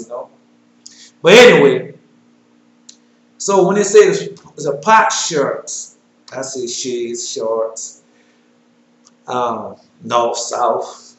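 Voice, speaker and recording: A man with a Southern American accent giving an informal Bible teaching. He reads scripture aloud in a louder, slower voice and drops to quiet, mumbled asides in between. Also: on the high side. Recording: roomy echo.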